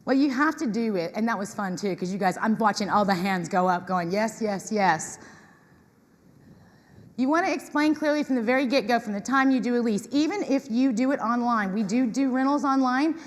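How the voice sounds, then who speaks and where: Woman, conference speaker, animated, acts out quoted voices, slightly high pitch, long hall reverb. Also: brisk, hardly any pauses. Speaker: conference speaker on property management. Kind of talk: lively talk to an audience.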